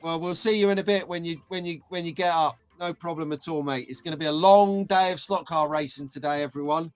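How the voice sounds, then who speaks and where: Faint music sits under a brisk, excitable British man in middle age who chats through a casual live stream, saying hello to viewers individually. His voice is fairly high for a man.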